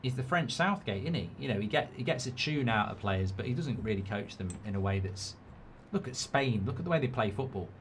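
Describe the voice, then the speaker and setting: A middle-aged English man hosting a live football watchalong at a mid-range pitch, blunt and opinionated with casual swearing. He speaks into a close mic and sounds animated as he reacts to the match and reads out viewer comments. A faint hum sits in the background. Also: brisk, few pauses.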